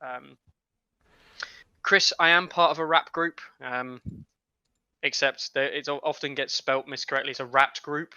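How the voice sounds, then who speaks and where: A man's voice: medium pitch, fairly even intonation, a little slow, long pauses, pushed and bright, clean tone, dry recording. Male co-commentator, slightly drunk, rambling jokes, dry and slightly dull mic sound. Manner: joking, rambling, self-deprecating. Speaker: commentator and co-host. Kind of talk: casual live stream commentary.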